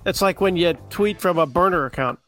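A man's voice: sits high, a little fast, fairly bright tone, soft background music. A man on a talk show, hesitant and dry, making self-deprecating jokes when he doesn't know the slang. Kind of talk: casual chat.

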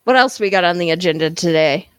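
A woman co-hosting a casual chat about a tabletop game, expressive and quick to laugh as she steers the talk. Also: lowish voice, clean tone, no room sound. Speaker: podcast co-host.

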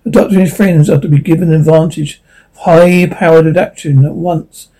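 A man's voice: a little high, fairly even intonation, fairly quick, warm tone, lightly acted, low-quality recording. A man reading a cold, authoritarian colony controller who issues stiff orders. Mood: commanding. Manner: commanding, stiff.

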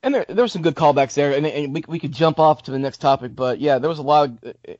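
A man's voice: a little high, fast talker, darkish tone, no echo. A man co-hosting a casual podcast chat, talking conversationally and prompting the others with questions. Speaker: podcast co-host. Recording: dull lo-fi dry recording.

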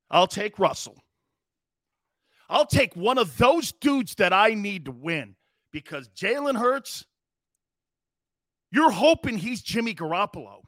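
A man's voice: high-pitched, bright, forceful tone, dry recording, studio quality. A man hosting a sports talk show, delivering a brash, mocking monologue. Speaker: sports radio host.

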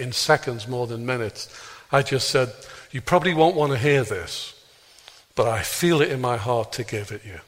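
An Englishman telling a story in a sermon and acting out the dialogue, jumping up high for exclamations and dropping low for quiet asides. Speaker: speaker leading a healing prayer talk. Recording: long reverb of a large hall.

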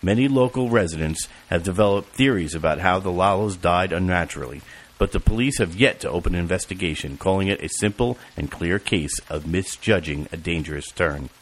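A man narrating an audiobook in an even, measured reading style. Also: deep voice. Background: music and rain.

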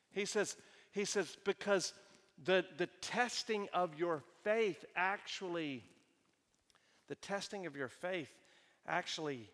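A middle-aged man preaching a sermon, swinging between hushed, slow passages and loud, emphatic ones. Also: a little high, long reverb tail. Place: church sanctuary.

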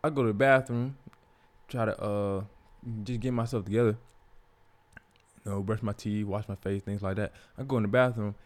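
A man's voice: on the low side, normal speed, long pauses. A young man, telling a personal story as a podcast host in a candid, profane, casual way. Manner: profane, candid, animated when quoting others.

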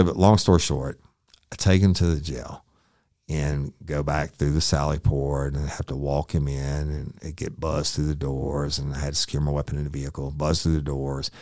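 A man's voice: very deep voice, darkish tone, no room sound, clean studio sound. A man casually telling a story from his time as a deputy, blunt and profane, acting out what others said.

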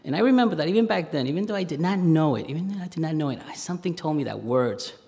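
New guy in his 40s telling a story on stage, gravelly voice, long hall reverb. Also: fairly high pitch, expressive, a little mellow. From Spanish Harlem, New York. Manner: conversational, with pauses and fillers. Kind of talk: live personal storytelling. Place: stage in a museum hall, live audience.

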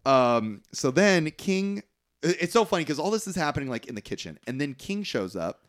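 A man's voice: fairly high pitch, sing-song, normal speed. A man casually recapping a film's plot on a podcast, acting out the characters' lines as he goes and swearing freely. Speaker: podcast co-host. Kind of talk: casual movie recap chat.

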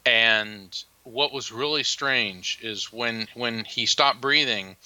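A man being interviewed as a psychic medium, telling a personal story in an earnest, halting way, with many restarts and fillers. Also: medium pitch, sharp tone, no room sound, low-quality recording.

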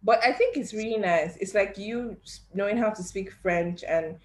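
A young woman hosting a podcast, chatting casually and acting out quotes in an animated way. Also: mid-range voice, normal speed. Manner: animated storyteller, acts out quotes, laughs often. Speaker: podcast host. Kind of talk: casual chat.

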